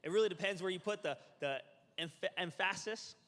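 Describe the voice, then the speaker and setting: A man presenting at a health seminar, lecturing a live audience in an energetic, joking way and quizzing them. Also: high-pitched, brisk. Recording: reverberant hall.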